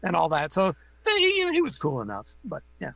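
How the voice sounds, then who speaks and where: A man's voice: fairly high pitch, huge pitch swings, a little fast, creaky, a bit bright, dry recording. A middle-aged man and makeup effects artist, a guest on a remote call, telling rambling, profane anecdotes full of fillers. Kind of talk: casual interview storytelling.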